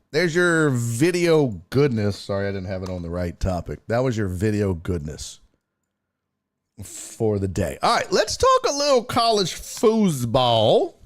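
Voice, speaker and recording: A man hosting a sports talk stream, swearing and laughing as he reacts to game clips. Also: medium pitch. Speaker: sports show host.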